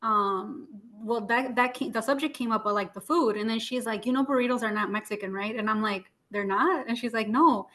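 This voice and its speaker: Woman co-host with a slightly high voice, laughs easily and tells chatty anecdotes. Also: brisk, few pauses, bright, forceful tone. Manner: laughing anecdotes with Spanish words and fillers. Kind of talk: casual chat.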